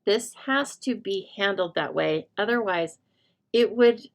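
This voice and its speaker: A woman's voice: mid-range voice, a little slow. A middle-aged woman demonstrating a stamping craft, chatting and thinking aloud as she works, joking with her viewers. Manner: chatty, jokey, thinking aloud while working. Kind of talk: live crafting tutorial chat.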